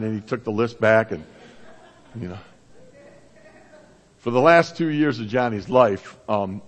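A middle-aged man giving a church eulogy for his son, halting and restarting, with preacher-like asides to the congregation. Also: medium pitch. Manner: halting, with many restarts and fillers. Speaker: father speaking at his son's memorial. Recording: echoey hall.

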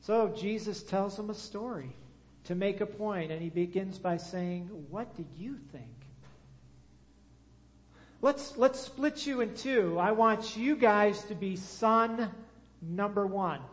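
A male pastor with a notably high voice delivers a sermon at an unhurried pace. He talks directly to the congregation and leads them in call-and-response. His voice rings out with a long reverb, as if in a large church hall.

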